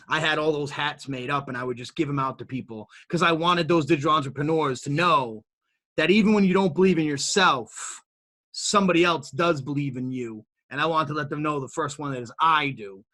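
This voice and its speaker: A man being interviewed as an entrepreneur, telling his story in an animated, motivational way that builds to emphatic peaks, with frequent repeated words and restarts. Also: a little high. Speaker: guest entrepreneur.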